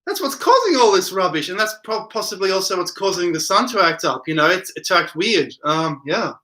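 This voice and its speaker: A man's voice: high-pitched, sing-song, fairly quick, pushed and bright. A man hosting a casual late-night livestream from home, reading viewer comments aloud and rambling in reply. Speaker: livestream host reading chat.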